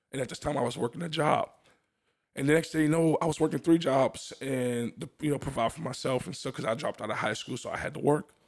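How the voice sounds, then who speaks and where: With a gravelly, medium-pitched voice, this young man shares his testimony in relaxed conversation. He's sincere about it, breaks into frequent laughter, and keeps starting lines over.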